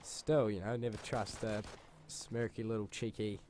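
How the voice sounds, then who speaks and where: Swearing young gaming storyteller. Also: male voice, on the low side, level tone, moderate pace, darkish tone, a little hiss or hum. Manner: swears freely, rambling and exaggerating. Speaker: gaming channel host. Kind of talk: casual storytelling over gameplay.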